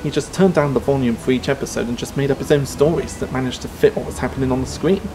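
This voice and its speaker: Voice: mid-range voice, fast. A narrator from England, giving an earnest, informal fan review in documentary style. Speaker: cartoon reviewer. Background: music.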